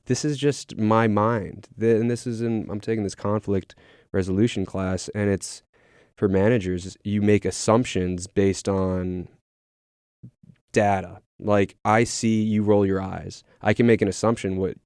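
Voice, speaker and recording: Man, young adult, fairly low voice, casual podcast guest, lots of "like", dry close sound. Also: a little slow, smooth, no echo. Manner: relaxed, filler-heavy storytelling with many "like"s. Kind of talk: casual chat.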